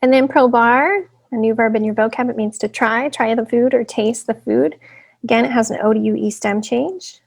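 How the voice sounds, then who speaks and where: A woman's voice: a little high, fairly even intonation, moderate pace, gravelly. A woman Spanish teacher giving a recorded classroom lesson, explaining step by step and often checking in with "right?".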